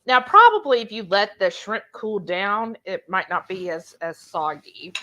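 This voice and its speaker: A woman co-hosting a live cooking stream, reading viewer comments aloud. She talks slowly and unhurriedly, with plenty of ums. Her voice sits at an ordinary pitch. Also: lively intonation, bright, forceful tone, poor audio. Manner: slow, unhurried, lots of ums. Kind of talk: casual chat, reading out chat comments.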